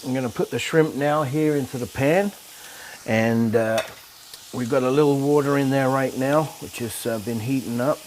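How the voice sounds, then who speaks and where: A man's voice: mid-range voice, moderate pace, darkish tone, slight background noise. A middle-aged man, cooking a curry at home and cracking dry jokes. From England. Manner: wry, joking, hesitant with fillers. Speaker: home cook, biker club president. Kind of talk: casual cooking demonstration.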